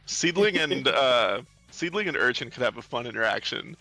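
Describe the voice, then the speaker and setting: Very bright-voiced, laid-back male guest. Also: mid-range voice, animated, moderate pace, faint music behind, low-quality recording. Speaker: guest on stream. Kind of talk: casual chat on a livestream.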